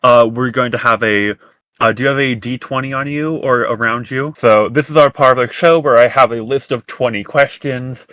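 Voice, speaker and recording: A man hosting a casual podcast chat, rambling with halting restarts. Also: mid-range voice, a bit bright, no room sound. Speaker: podcast host.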